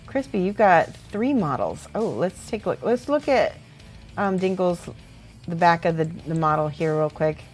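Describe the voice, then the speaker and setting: A woman hosting a casual livestream, chatting warmly and encouragingly as she critiques painted miniatures and laughs often. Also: fairly low pitch, lively intonation, normal speed, soft background music. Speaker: miniature painting host and teacher.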